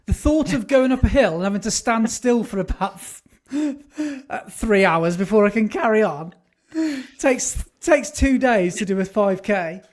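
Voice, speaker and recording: A man's voice: sits high, animated, moderate pace. A man co-hosting a podcast in casual chat, rambling with restarts and dry jokes. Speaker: podcast co-host.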